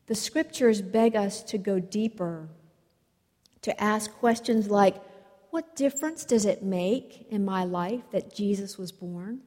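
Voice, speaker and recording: A woman preaching a sermon, telling stories in a slow, measured way. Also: medium pitch, a little mellow. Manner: slow, measured storytelling delivery. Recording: long reverb of a large hall.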